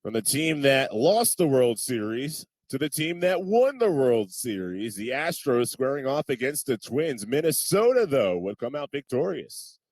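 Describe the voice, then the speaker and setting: A man's voice: mid-range voice, no room sound. Man reading a sports news roundup. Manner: brisk, even delivery.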